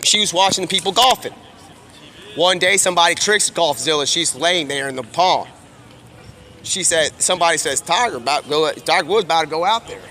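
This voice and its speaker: A man streaming live, telling a rambling, improvised stream-of-consciousness story and slipping into quick quoted voices. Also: on the high side, sharp tone, slight background noise.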